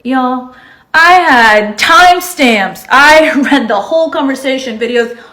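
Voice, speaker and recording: A fairly high-voiced woman, an energetic healer, telling a story in a chatty, confiding way. The room around her voice is echoey. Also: slow. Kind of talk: casual storytime.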